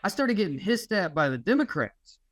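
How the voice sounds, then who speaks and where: A man, a comedian and podcast host, telling a profane, animated story about a stand-up gig in casual chat. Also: high voice, moderate pace, no echo.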